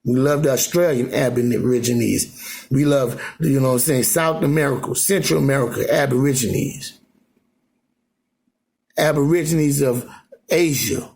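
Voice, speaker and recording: A man's voice: medium pitch, a little slow, gravelly, darkish tone. A man talking loosely to his phone camera at home in Alaska, rambling and repeating "you know what I'm saying". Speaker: vlogger. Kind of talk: rambling casual monologue.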